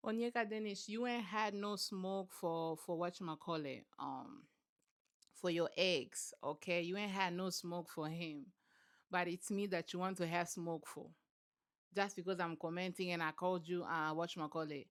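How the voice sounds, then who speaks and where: A woman hosting a commentary vlog, telling the story in a sassy, animated, colloquial way. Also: fairly low pitch, normal speed. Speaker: commentary channel host.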